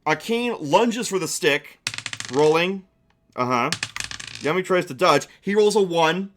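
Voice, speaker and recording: A man's voice: high-pitched, lively intonation, background noise. Chatty young man running a game. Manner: chatty, quick asides, laughs at own jokes. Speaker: game master and streamer. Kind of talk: live-streamed tabletop game narration.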